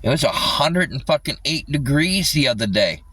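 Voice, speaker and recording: A man's voice: a little high, big pitch swings, normal speed, sharp tone, slightly rough. A man livestreaming an agitated rant, swearing constantly, with his voice a little distant from the mic.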